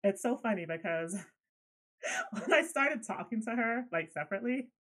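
A woman co-hosting a casual spiritual podcast chat, animated, laughing often and swearing when riled up. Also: on the high side, normal speed, slightly rough, low-quality recording. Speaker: podcast co-host.

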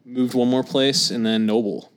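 A man's voice: medium pitch, steady tone, moderate pace, a little hiss or hum. A man from Scotland chatting casually as a podcast guest, laid-back, swearing freely and laughing easily.

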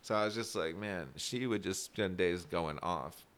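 A young man in casual chat, telling rambling, animated school stories full of "like" fillers and frequent laughs. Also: low-pitched, unhurried.

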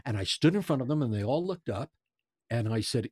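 A man in his sixties telling a lively story as an interview guest, stumbling and repeating words as he gets excited. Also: mid-range voice, a little fast, breathy edge, no echo, clean studio sound. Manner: animated storyteller, stammers and repeats. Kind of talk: casual anecdote telling.

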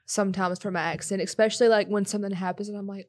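A woman's voice: medium pitch, steady tone, very fast, a little mellow. A woman in her early twenties with a South Carolina accent, co-hosting a podcast in easygoing casual chat. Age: early 20s. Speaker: podcast co-host.

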